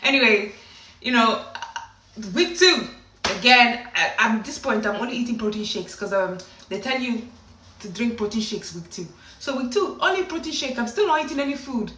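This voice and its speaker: A woman telling a story casually to camera in an animated way, often slipping into acted voices. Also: on the high side, moderate pace, a little hiss or hum. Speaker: vlogger. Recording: echoey room, distant from the mic.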